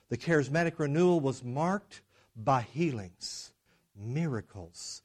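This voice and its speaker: A middle-aged man preaching a sermon, swinging from loud, emphatic declarations to low, hushed drama. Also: lively intonation, unhurried, slightly rough. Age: middle-aged or older.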